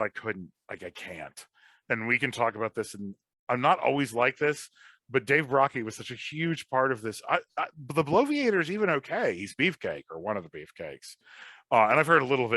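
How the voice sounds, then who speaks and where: A man in his thirties hosts a casual podcast chat. His voice is bright and forceful, recorded dry and close with no room sound. He rambles, apologizes for talking too much, and gets animated. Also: mid-range voice, dry recording. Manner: rambling, self-deprecating, animated. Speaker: podcast host.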